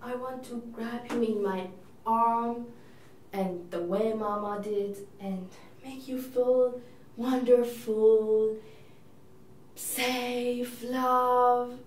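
Actress as a fretful, self-absorbed divorced sister; fairly high voice, faint room noise, distant mic. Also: female voice, steady tone, drawn-out words, a little mellow, echoey room. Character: chatty divorced older sister, neurotic and doting. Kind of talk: audition monologue.

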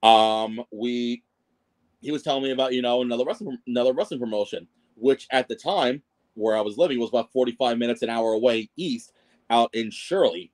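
Talking a little fast in a darkish, medium-pitched voice, a podcast guest recounts his days as a wrestling ring announcer. The casual interview finds him rambling, poking fun at himself, and full of fillers and restarts.

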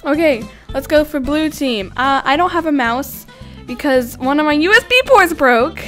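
A woman giving casual, giggly, excitable commentary while playing a video game, often laughing at herself. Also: sits high, a little fast, soft background music. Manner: giggly, excitable, self-deprecating. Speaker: gaming YouTuber.

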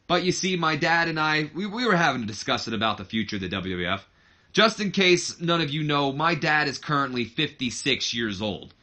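A man's voice: on the high side, expressive, brisk, sharp tone. A man voicing a brash young heir to a wrestling company, taunting his father in a smug promo.

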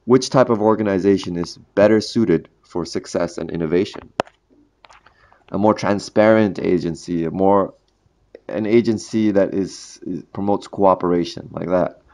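A man's voice: deep voice, mellow. A man hosting a history podcast in a casual monologue, jokey and chatty, laughing at his own puns. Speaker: podcast host.

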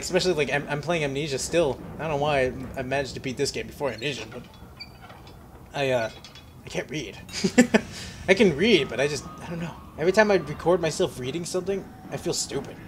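A man giving joking, profane commentary while playing a horror game, yelping and shouting whenever something chases him. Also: a little high, fairly quick, a little hiss or hum. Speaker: let's play host. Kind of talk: casual horror gameplay commentary.

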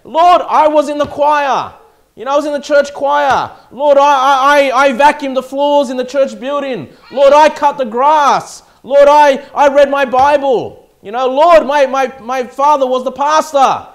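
Preacher mimicking a pleading self-righteous churchgoer. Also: male voice, very high-pitched, measured pace, gravelly, voice pushed up, heavily acted. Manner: pleading, stammering repetitions.

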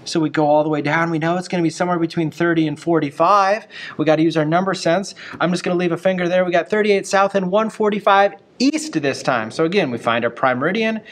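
A man teaching a geography lesson in a relaxed, folksy way, chatting through each step with small asides. His voice sits a little higher than most men's. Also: quick pace. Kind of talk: classroom map lesson.

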